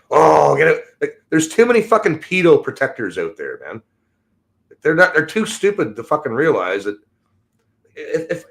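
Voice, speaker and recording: A man hosting a podcast, ranting in a profane, rambling way that swings from low mutters to high exasperation. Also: a bit bright. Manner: agitated, sweary, rambling. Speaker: podcast host. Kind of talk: profane solo rant.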